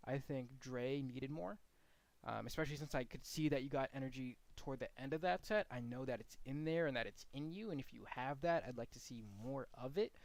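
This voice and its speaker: A man's voice: medium pitch, fairly quick, a little mellow, no room sound. Blunt, casual man coaching commentators. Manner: frank, blunt, demonstrates commentary inflection. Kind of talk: casual feedback lesson.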